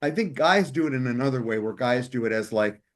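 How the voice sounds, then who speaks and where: A man co-hosting a podcast, speaking casually in a loose, halting way with plenty of fillers. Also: medium pitch, expressive. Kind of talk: casual conversation.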